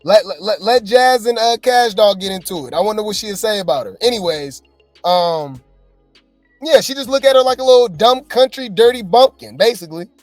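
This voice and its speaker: Chatty opinionated reaction host, dry sound. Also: female voice, medium pitch, expressive, normal speed, a little mellow, no echo, soft background music. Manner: chatty, opinionated, addresses viewers directly. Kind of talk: casual reaction commentary.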